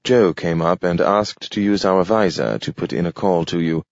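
A man doing a fussy, deferential robot butler, polite and worried. The voice is very deep and the delivery formal. The recording is dry with a muted, dull top. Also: normal speed, no room sound. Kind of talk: audiobook character voice. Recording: dull, dry studio read.

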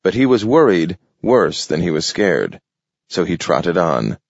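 Deep-voiced man narrating a story. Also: gravelly, no room sound. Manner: measured, steady storytelling. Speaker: audiobook narrator. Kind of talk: scripted narration. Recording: dull lo-fi dry recording.

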